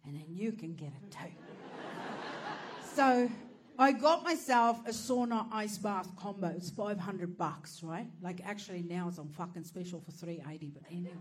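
A woman's voice: on the low side, measured pace, slight background noise. A woman telling a stand-up comedy story in a crude, profane, self-mocking way. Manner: lively, animated delivery.

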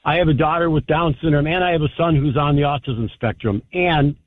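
A man's voice: a little high, brisk. A man calling in to a radio show, speaking heartfelt and grateful about his children. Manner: warm, grateful, heartfelt father. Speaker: caller. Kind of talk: call-in radio talk. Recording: tinny phone line.

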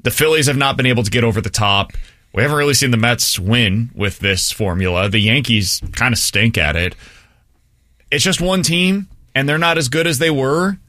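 A male sports radio host with a bright, forceful voice and dry studio sound. He argues his views at length and stops to put questions to his co-host. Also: medium pitch, moderate pace, no room sound. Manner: opinionated, thinks out loud.

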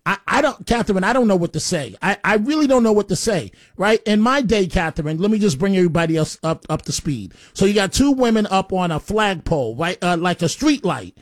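A man's voice: high-pitched, lively intonation, a little fast, few pauses, no room sound, studio quality. A man hosting a call-in radio show, talking in a blunt, rambling way and often stammering on repeated words. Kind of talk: opinionated talk radio monologue. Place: radio studio.

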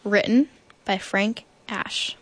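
Slow, unhurried woman reading aloud. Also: medium pitch, fairly bright tone. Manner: slow, deliberate storytelling. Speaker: guest reader. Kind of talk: children's picture book read-aloud.

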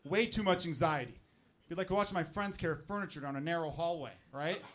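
Give me a male stand-up comic telling crude, exasperated stories in a slightly high voice. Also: a little fast, fairly bright tone, a little hiss or hum. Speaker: stand-up comedian. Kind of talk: stand-up comedy set.

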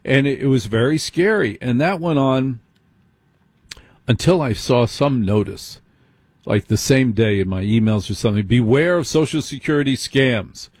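Husky-voiced male late-night radio host. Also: mid-range voice, moderate pace, a little mellow, no echo. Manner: conversational, asks listeners direct questions. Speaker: radio talk show host.

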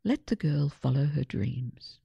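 A woman voicing a gentle, wise grandmother in a children's story. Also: deep voice, lively intonation, measured pace, creaky, husky, dry recording, muffled recording, full character voice.

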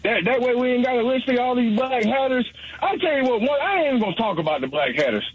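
A man's voice: very high voice, big pitch swings, quick pace. A man from South Carolina calling in to a radio talk show, teasing and roasting the host in casual banter. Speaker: caller. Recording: dull lo-fi phone call audio.

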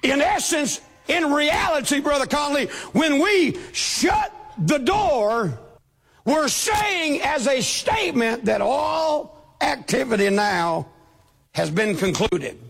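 A man preaching a sermon, with a shouting preacher's cadence, acting out the voices he quotes. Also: very high voice, sing-song, slow, gravelly. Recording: long hall reverb.

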